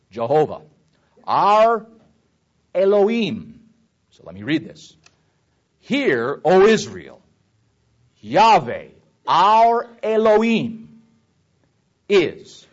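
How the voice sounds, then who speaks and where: A man preaching a Bible teaching sermon, swelling loud on quoted scripture and dropping low on asides. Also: breathy edge, lo-fi sound.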